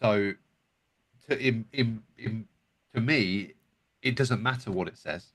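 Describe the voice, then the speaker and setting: A man's voice: on the low side, a bit bright, breathy edge. A man co-hosting a podcast, speaking hesitantly with frequent restarts in casual chat. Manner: hesitant, halting, restarts often. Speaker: podcast co-host.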